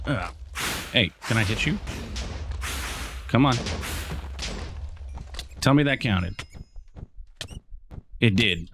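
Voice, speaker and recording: A man's voice: on the low side, background noise. A man casually commentating his own gameplay, chatting to the creatures on screen and trailing off into fillers and restarts. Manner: chatty, talks to game mobs, frequent fillers and restarts. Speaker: let's play host.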